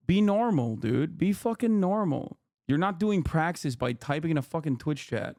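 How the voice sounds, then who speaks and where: A man's voice: a little high, darkish tone, no echo, clean studio sound. Exasperated, profane man ranting on stream. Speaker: livestream host. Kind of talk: heated livestream rant to chat.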